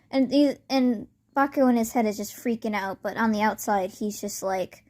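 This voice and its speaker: A woman casually retelling a fan-made story in a rambling way, full of fillers. Her voice sits fairly high. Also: normal speed, hardly any pauses, darkish tone.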